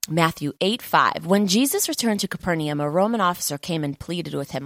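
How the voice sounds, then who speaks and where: A woman's voice: fairly low pitch, lively intonation, normal speed, fairly bright tone, no echo. Fervent woman preaching, dry sound. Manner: fervent, conversational, repetitive emphasis with many fillers. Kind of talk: sermon.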